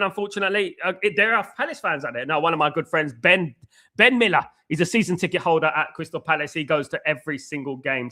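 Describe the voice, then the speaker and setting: A man's voice: high voice, bright, forceful tone. A man hosting a live football watchalong from indoors at home, chatting in a loose, rambling way and often repeating "guys, absolutely". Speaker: livestream host.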